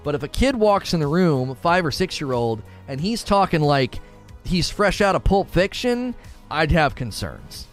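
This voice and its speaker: A man's voice: on the high side, big pitch swings, a little slow, faint music behind. A man in his thirties, a father, giving blunt opinions in casual chat while answering questions, often restarting his sentences.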